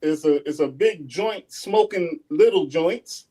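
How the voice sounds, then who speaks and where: High-voiced man telling a rambling story. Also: animated, takes it slowly, mellow. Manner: rambling, many fillers and restarts, chuckles. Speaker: guest artist. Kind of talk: casual storytelling.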